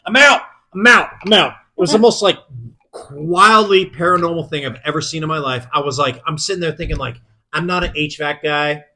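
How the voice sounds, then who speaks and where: A young man co-hosting a podcast, telling a story casually, swearing a lot and getting animated as he recounts being frightened. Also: a little high, fairly quick. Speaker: podcast co-host.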